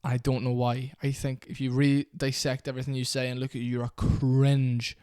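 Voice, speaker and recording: A man's voice: medium pitch, completely flat delivery, moderate pace, darkish tone, clean tone, dry recording, studio quality. A young man in an angry, profane rant to camera about a fighter. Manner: heated, profane, repetitive. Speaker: MMA commentator.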